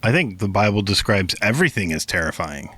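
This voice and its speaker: A man's voice: lowish voice, sing-song, fairly quick, sharp tone, dry recording. A man co-hosting a casual podcast, quizzing his partner and explaining things playfully. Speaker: podcast co-host. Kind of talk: casual chat.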